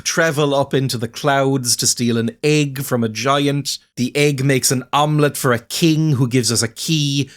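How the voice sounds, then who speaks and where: A man plays an odd old adventure game and narrates his confusion. He rambles, teases himself and laughs often. His voice sits at a middle pitch. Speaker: let's-play gamer. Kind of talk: casual gameplay commentary.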